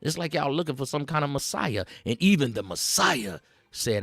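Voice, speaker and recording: Male streamer, lively preachy street-slang rant, dry close mic, soft music under. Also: on the high side, moderate pace, no echo. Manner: animated, preachy, street slang, frequent repeats. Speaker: livestream host. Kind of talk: casual livestream rant.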